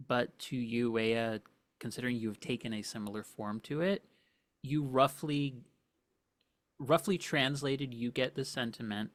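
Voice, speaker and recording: A man's voice: medium pitch, fairly even intonation, a little slow. A man running a tabletop game as game master, describing scenes with frequent restarts.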